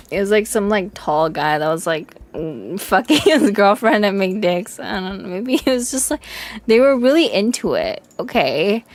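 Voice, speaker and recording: A woman streamer chatting casually on a livestream, telling crude stories with frequent giggles and lots of "like". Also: mid-range voice. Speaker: vtuber streamer.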